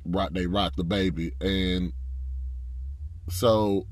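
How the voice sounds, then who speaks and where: Congested low-voiced man hosting a podcast. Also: fairly even intonation, takes it slowly, darkish tone, dry recording. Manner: frank and frustrated, with laughs. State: fatigued. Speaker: podcast host. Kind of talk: casual sports talk.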